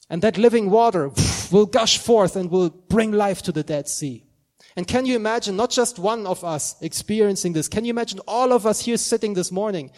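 A man's voice: high voice, darkish tone. A man preaching a sermon in church, earnest and growing fervent as he proclaims.

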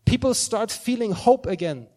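A male preacher delivers a sermon in church with a notably high-pitched voice. He talks earnestly and builds to fervent, emphatic proclaiming. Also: animated, moderate pace, warm tone.

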